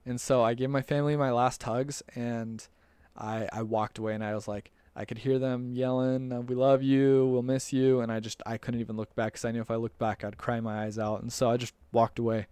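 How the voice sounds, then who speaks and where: A young man tells a loose, rambling story in an even, fairly flat voice that stays close to one pitch. His tone is smooth and clear, recorded dry and close with no room sound. He restarts his sentences often and lets small chuckles slip in. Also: fairly quick, dry recording. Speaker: storyteller recalling a church mission. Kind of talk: casual storytelling.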